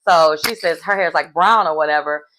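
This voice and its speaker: A woman's voice: low voice, fairly quick, a bit bright, slight background noise. A woman giving casual recap commentary on a reality TV episode, chatty and slangy with wry asides.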